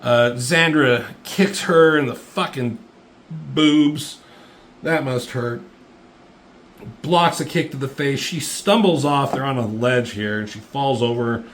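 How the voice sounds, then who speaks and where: A man's voice: mid-range voice, slow pace, slight background noise. A man casually recapping a comic book page by page, swearing freely and getting worked up over the fight scenes, with lots of fillers. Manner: profane, excitable play-by-play with lots of fillers.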